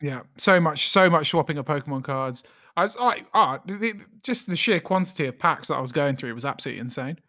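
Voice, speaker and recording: A man's voice: fairly high pitch, animated, fast talker, sharp tone. A young man co-hosting a podcast, chatting in an upbeat way and laughing often. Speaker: podcast co-host. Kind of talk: casual chat.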